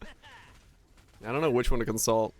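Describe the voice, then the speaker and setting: This young man speaks at a slow pace in a medium-pitched voice while streaming a game. He keeps things casual, swearing freely and chatting with his audience.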